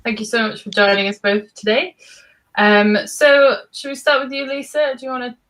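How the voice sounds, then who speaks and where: A woman hosts an online talk over a video call. She reads her introductions in a steady, measured, friendly way and hands over to her guests. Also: on the high side, low-quality recording. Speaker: host.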